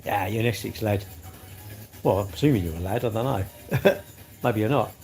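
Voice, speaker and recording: A man's voice: fairly low pitch, moderate pace, darkish tone. A man, chatting casually on a live stream and bantering with his viewers' comments. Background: faint music.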